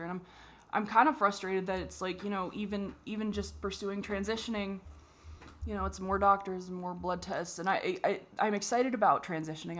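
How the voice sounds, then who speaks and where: A woman giving a candid personal monologue for her vlog, halting and frustrated, with many restarts and fillers and the odd swear. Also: medium pitch, a bit bright. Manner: swears when exasperated. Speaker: vlogger.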